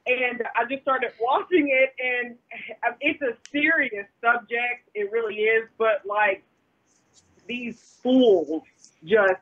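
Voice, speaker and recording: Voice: mid-range voice, takes it slowly, slightly rough. A caller with a Kentucky accent chatting on the phone, hesitant, with lots of fillers and giggles. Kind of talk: casual phone chat. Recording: muffled phone call line.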